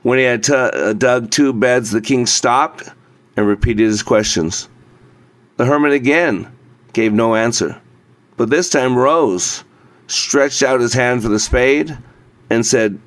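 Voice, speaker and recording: Measured male storybook narrator. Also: medium pitch, a bit bright, no echo.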